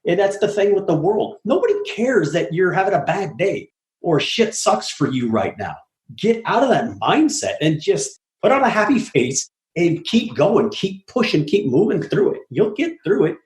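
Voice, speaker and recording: A man's voice: sits high, moderate pace. A middle-aged man, a guest on an interview, telling stories in a blunt, profane way and acting out the people he quotes. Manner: animated storyteller, blunt and profane, acts out quoted voices. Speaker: guest, apartment syndicator. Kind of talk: casual interview talk. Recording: echoey room.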